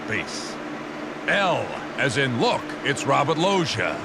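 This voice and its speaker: A man playing an older male celebrity who spells his own name with deadpan self-importance. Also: medium pitch, slow pace, gravelly, exaggerated voice. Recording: cartoon clip with loud background noise.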